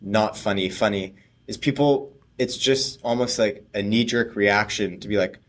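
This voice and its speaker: A man's voice: on the low side, normal speed. A man co-hosting a podcast, telling a rambling story with frequent laughs and trailing off. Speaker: podcast co-host. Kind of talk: casual chat, storytelling.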